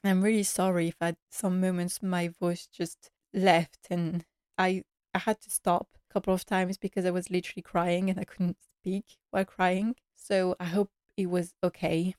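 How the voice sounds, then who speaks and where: A woman podcast host recapping a sad episode while tearful, speaking in an emotional, halting way. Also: lowish voice, level tone, a little mellow, clean tone, no room sound, clean studio sound.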